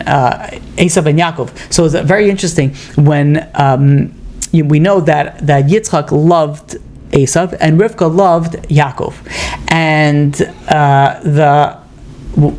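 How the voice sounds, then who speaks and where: A male rabbi teaches a relaxed lesson in an easygoing, conversational way. He tells stories and voices the people in them. His phrasing is loose and often restarts mid-sentence. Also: a little high. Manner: conversational, retells stories with acted dialogue. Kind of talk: informal Torah lesson.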